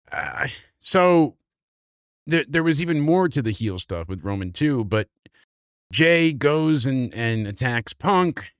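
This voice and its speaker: A man recapping a wrestling show in a casual, animated, sarcastic way, swearing freely. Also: medium pitch, clean tone, no echo, studio quality.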